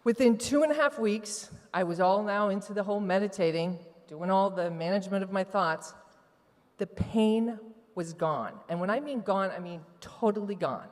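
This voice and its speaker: On a stage in a large event hall, a woman attending a retreat shares a candid, emotional personal testimony with a live audience. Her voice is medium-pitched and a little mellow, at a normal speed, and the live venue adds a long hall reverb.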